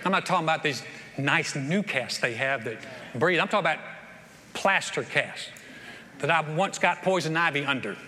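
A pastor tells stories in an animated sermon at a moderate pace, his voice bright and somewhat high, stumbling and starting over repeatedly. The church sanctuary adds long reverb, with faint noise underneath.

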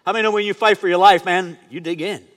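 A middle-aged male pastor preaching a sermon, earnest, dropping to hushed tones and rising to emphatic bursts. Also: high-pitched, fairly even intonation, quick pace. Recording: long hall reverb.

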